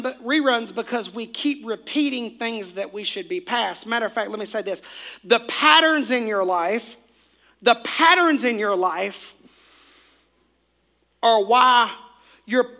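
A man with a very high voice and a bright, forceful edge preaches a lively sermon. He repeats his key lines again and again and urges the congregation to call phrases back to him. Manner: exclamatory, repetitive, calls for congregation responses. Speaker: pastor.

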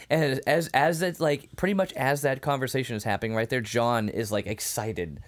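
A man in casual podcast conversation. He retells scenes with animated, acted-out dialogue and laughs often. His voice sits at a middle pitch. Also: a little slow, long pauses. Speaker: podcast co-host. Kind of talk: casual chat.

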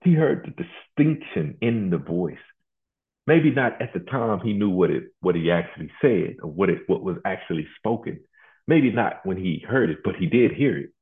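A man preaching a sermon in a halting, colloquial way, often repeating words as he searches for them. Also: deep voice, big pitch swings. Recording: tinny phone-like line.

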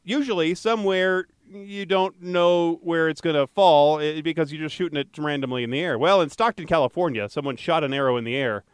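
Smooth-voiced, jokey male podcast host. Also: fairly high pitch, fairly quick, few pauses, no room sound. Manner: rambling, self-correcting, jokey. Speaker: podcast co-host and traffic anchor. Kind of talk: casual podcast banter.

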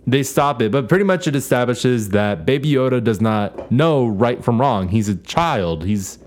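A man's voice: mid-range voice, animated, moderate pace, a little mellow, a little hiss or hum. A man co-hosting a podcast, recapping a show in casual chat with crude jokes. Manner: crude joking recap, mock voices. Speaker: podcast co-host.

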